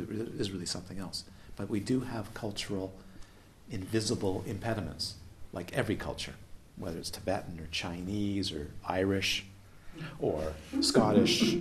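A man's voice: low voice, normal speed, slight background noise. A man giving a playful, questioning dharma talk as a meditation teacher at a retreat. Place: retreat hall.

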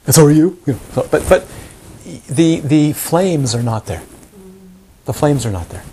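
A man's voice: on the high side, lively intonation, a little slow, warm tone, a little hiss or hum. A man giving a meditation teacher's live talk to a group, often questioning the audience and acting out examples.

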